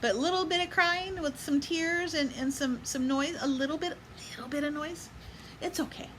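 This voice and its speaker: A woman reads a children's picture book aloud in a bright, clear voice, pausing now and then to give small life lessons to children and parents. She asks her young listeners to chant along with her. A faint hiss sits under her voice. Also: high-pitched, poor audio. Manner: pauses to add gentle life lessons for kids and moms. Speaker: storybook reader.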